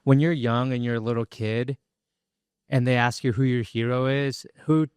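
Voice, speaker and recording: A male podcast host talks in a thoughtful, measured way, pausing on "um" as he works out his thoughts. His voice is smooth and clear at a middle pitch. It is recorded close and dry. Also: steady tone, no echo. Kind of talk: interview conversation.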